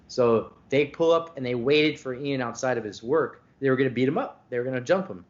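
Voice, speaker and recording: Male podcast host, mid-pitched, animated and swearing, casual storyteller on dull call audio. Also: fairly quick, hardly any pauses. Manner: animated, profane, rambling storyteller. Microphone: video call.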